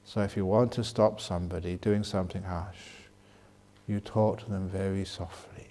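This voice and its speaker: A man, a Buddhist monk, answering questions at a meditation retreat in a gently humorous way, slowing and softening his voice to show calm speech. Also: low-pitched, a little hiss or hum. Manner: gently humorous, laughs at his own jokes. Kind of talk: dharma Q&A talk at a retreat.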